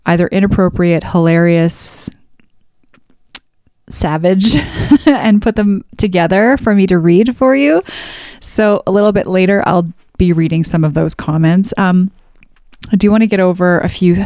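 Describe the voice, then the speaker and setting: Rambling Canadian woman, low dry voice. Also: mellow, clean tone, dry recording. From Canada, Alberta. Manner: rambling, many fillers, frequent laughs. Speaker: YouTuber. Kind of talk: casual vlog chat.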